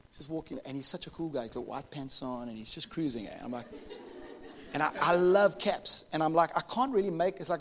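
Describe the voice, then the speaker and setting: A fairly high-voiced man preaches to his congregation. He tells a lively story full of jokes, and his voice rings out with a long reverb in the church hall. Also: slight background noise. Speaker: pastor. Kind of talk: sermon.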